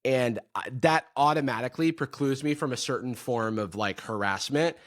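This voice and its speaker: A man's voice: mid-range voice, normal speed, no room sound, clean studio sound. A man guesting on a podcast, chatting casually in a thoughtful, hesitant, wry way. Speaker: guest, YouTuber. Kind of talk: casual chat.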